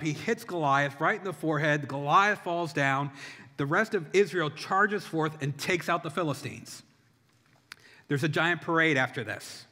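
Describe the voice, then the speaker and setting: A middle-aged man delivers a sermon with a bright, slightly high voice, telling the story in an easy conversational way. His words ring out with the long reverb of a large hall.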